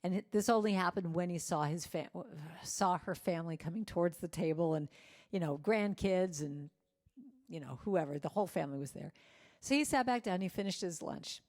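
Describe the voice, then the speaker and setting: A woman with a lowish voice preaches through personal stories. She acts out the people in her anecdotes, shifting her voice for each one. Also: moderate pace. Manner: animated storyteller acting out quoted voices. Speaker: guest speaker at a church service. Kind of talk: storytelling sermon.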